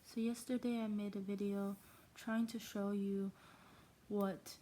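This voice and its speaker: A woman's voice: mid-range voice, level tone, measured pace, dark tone, low-quality recording. A woman vlogger chatting casually to camera, rambling and apologetic.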